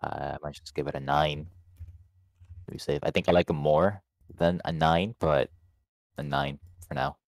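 A man's voice: rumbling low, steady tone, moderate pace, vocal fry, long pauses, no room sound. A man co-hosting a podcast, chatting about films in a playful, jokey way with casual swearing. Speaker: podcast co-host. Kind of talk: casual film review chat.

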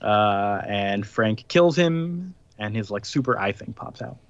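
A man co-hosting a podcast, recapping a comic plot in casual chat, rambling with fillers and quick laughs. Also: lowish voice, lively intonation, no room sound, dull audio.

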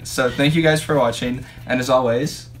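A man's voice: mid-range voice, fairly even intonation, soft background music. Jokey young man vlogging. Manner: quick, jokey, often laughing. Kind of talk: casual chat.

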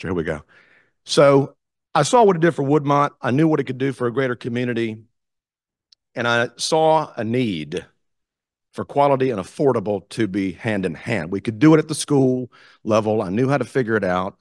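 A man telling a story as guest speaker at a club meeting, animated, acting out the quotes. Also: lowish voice, no room sound, clean studio sound. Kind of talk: storytelling speech. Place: meeting room.

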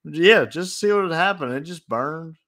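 A man's voice: on the high side, lively intonation, moderate pace, a bit bright. A young man co-hosting a casual podcast, blunt and crude, often restarting his sentences. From North Carolina. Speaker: podcast co-host. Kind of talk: casual chat.

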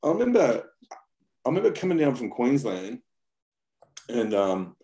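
This Australian interview guest has a mid-range, dark-toned voice that swings widely in pitch at normal speed. In casual conversation he rambles bluntly, repeats his words a lot and drops plenty of slang.

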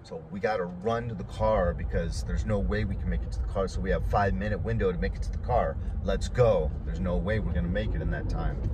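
A man with a fairly low voice tells a long story casually, rambling and doubling back with plenty of fillers. He talks outdoors, and street and vehicle noise is clearly heard behind him. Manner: rambling, full of fillers and restarts. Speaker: vlogger telling a story.

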